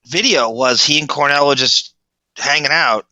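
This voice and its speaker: A man's voice: fairly high pitch, moderate pace, pushed and bright, no room sound, poor audio. A man co-hosting a podcast in casual chat, going off on rambling, enthusiastic tangents. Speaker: podcast co-host.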